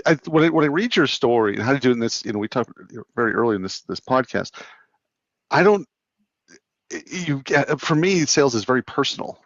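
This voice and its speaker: A man's voice: mid-range voice, dry recording. Rambling middle-aged man, dull dry sound. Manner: rambling, self-mocking storyteller. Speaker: sales consultant, podcast co-host. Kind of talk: casual chat.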